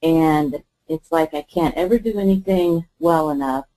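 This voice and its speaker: A woman's voice: low voice, a little slow, mellow, low-quality recording. A woman voicing an upset young wife who vents her frustration to a friend in an improvised role-play. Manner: venting, frustrated.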